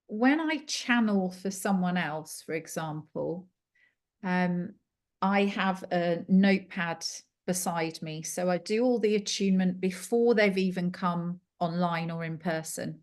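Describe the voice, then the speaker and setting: A woman being interviewed as a clairvoyant guest over a video call, talking in a chatty, animated storytelling way. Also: fairly low pitch, takes it slowly. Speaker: clairvoyant and angel card reader guest.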